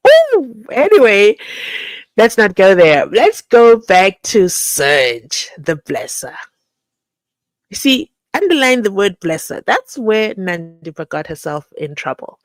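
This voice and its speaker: A young South African woman hosting a live entertainment commentary stream, expressive and chatty, with sudden exclamations as she reads through viewer comments. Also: lowish voice, no room sound.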